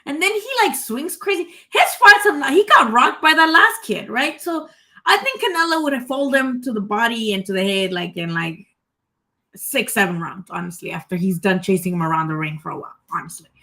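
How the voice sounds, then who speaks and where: A woman hosting a casual live-stream chat, giving profane, rambling, animated opinions. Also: on the high side, fairly quick, vocal fry. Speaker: boxing channel host.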